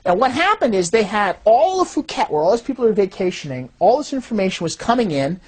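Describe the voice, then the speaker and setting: Husky-voiced woman giving a lively explanatory talk and acting out the voices she quotes. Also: medium pitch, quick pace. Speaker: fraud detection systems designer.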